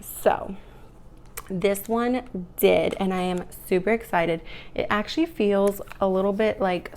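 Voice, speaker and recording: Young woman rambling about makeup, gravelly morning voice, lots of likes and ums. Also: medium pitch, a little mellow. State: morning voice, clearing throat. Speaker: beauty vlogger. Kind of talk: casual get-ready-with-me chat.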